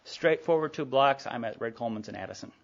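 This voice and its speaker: A middle-aged man speaks to a recovery meeting with a gravelly edge in his voice. He tells his own story candidly and casually, full of asides. The sound is a dull, lo-fi tape of a live talk. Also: mid-range voice, lively intonation, fast talker. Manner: candid storytelling with frequent asides and acted-out dialogue. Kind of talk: personal recovery story told to a group.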